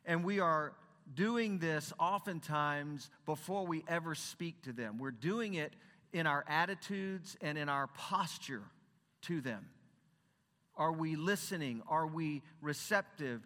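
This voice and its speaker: A man speaking from a stage as a Christian counselor and former pastor, earnest and conversational in a sermon talk. His voice is bright and crisp and sits a little high. A long hall reverb trails after each phrase. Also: takes it slowly. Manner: earnest and conversational, with rhetorical questions.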